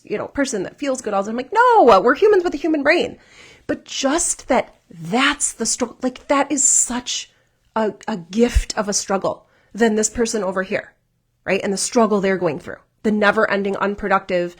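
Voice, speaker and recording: A woman's voice: medium pitch, lively intonation, measured pace, breathy edge. A woman life coach giving a workshop talk, earnest and encouraging, often checking in with "right?" as she goes.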